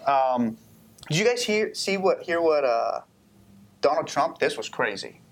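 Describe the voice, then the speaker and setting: Man, casual podcast chat, rambling, lots of restarts, somewhat high voice. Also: very animated, unhurried.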